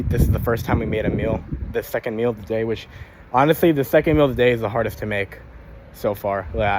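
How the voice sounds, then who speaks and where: A young man with a medium-pitched voice records a casual daily vlog while walking, rambling and cursing about his day. He sounds tired and a bit winded, and there's a lot of noise behind him.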